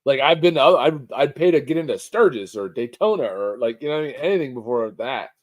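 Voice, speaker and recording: A man's voice: mid-range voice, expressive, fast talker. A man co-hosting a casual live stream about motorcycle rallies, joking and teasing as he talks. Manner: joking, teasing, loose swearing. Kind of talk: casual chat.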